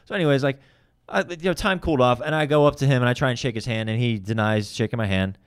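A stand-up comedian telling a heated, profane story in casual chat. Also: male voice, medium pitch, smooth. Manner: fast, profane, heated retelling.

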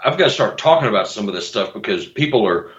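A man's voice: lowish voice, fast talker. A man tells his stories with lots of energy, tripping over his words and restarting. He sounds like he's in a roomy space, and the audio is somewhat dull. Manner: animated storyteller, acts out voices, laughs, repeats words. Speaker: guest author and Bigfoot investigator. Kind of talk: casual chat.

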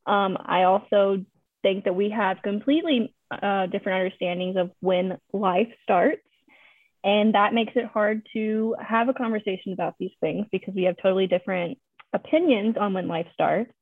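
A woman's voice: mid-range voice, fairly even intonation, normal speed, no room sound. A woman with a Louisiana accent, a guest speaking earnestly and measuredly in a casual podcast chat. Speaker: guest, abortion rights advocate. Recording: tinny phone-like line.

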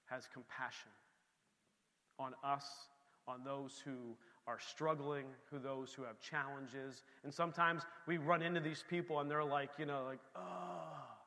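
A man preaching a sermon in a church, swinging between loud emphasis and soft, quiet passages. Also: mid-range voice, steady tone, unhurried, long reverb tail. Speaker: pastor.

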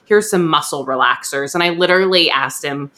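A young woman hosting a podcast, telling a story in a chatty, animated way and acting out what others said. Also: sits low, fairly quick. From USA. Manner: chatty, animated, acts out quoted voices. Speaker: podcast host. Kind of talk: casual storytelling chat.

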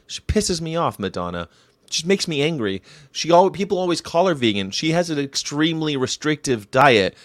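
A man's voice: mid-range voice, fairly bright tone, dry recording, studio quality. A young man hosting a casual show, commenting on history facts in an irreverent, rambling way, with swearing and jokes. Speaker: show host.

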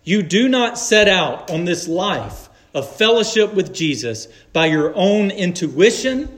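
A man preaching a sermon, earnest and measured, leaning on emphatic pauses. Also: high voice, big pitch swings, a bit bright.

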